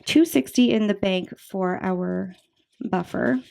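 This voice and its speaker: A woman's voice: medium pitch, slow pace, vocal fry, darkish tone. A woman in her twenties chatting casually to camera as a budgeting vlogger, bubbly and talkative, with many fillers and asides, a little out of breath. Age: 20s.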